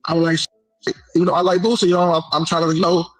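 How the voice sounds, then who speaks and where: A man with a somewhat high voice tells a story in loose street slang, stopping often to check in with his listener. He acts out both sides of each exchange as he goes, and faint music sits underneath. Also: level tone, fast, dry recording, poor audio. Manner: slangy, keeps repeating a filler question and acting out dialogue. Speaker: interview guest. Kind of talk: casual storytelling.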